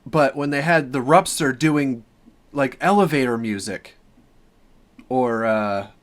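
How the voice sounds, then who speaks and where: Guy in his 30s chatting slowly about a video he's watching, laughing along. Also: mid-range voice. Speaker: reaction channel host. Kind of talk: casual reaction commentary.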